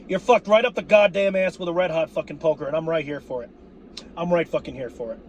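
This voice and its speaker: A man ranting as a sports fan vlogger, cursing freely and breaking into shouts, his voice going hoarse. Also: on the high side, fairly quick, slight background noise. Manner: fired-up, cursing, shouting outbursts. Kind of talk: profane fan rant.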